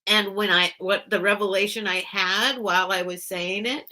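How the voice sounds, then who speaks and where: Woman host of a live sale stream, bright, forceful tone, rambling and giggly with her chat. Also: mid-range voice, fairly even intonation, moderate pace. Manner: rambling, chatty, often breaks off mid-sentence; apologetic and giggly with viewers. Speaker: online seller hosting a live sale stream. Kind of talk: casual livestream chat.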